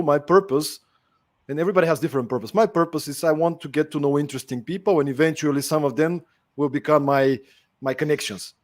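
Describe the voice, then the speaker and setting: A man hosts a podcast in a relaxed, chatty way, leaning on fillers as he talks. His voice sits a little higher than most men's. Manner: chatty, many fillers like "you know". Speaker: podcast host. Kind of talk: casual podcast conversation.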